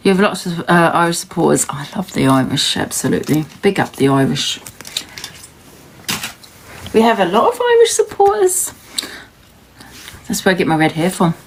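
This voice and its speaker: A woman from New Zealand chatting casually on a livestream, rambling and defensive and laughing often. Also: low voice. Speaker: livestream host.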